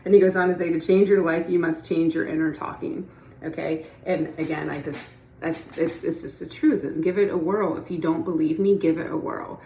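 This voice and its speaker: A woman's voice: on the low side, darkish tone, roomy sound, slight background noise, rough recording. A woman giving a casual teaching talk as a manifestation coach, chatty and encouraging, often checking in with the listener.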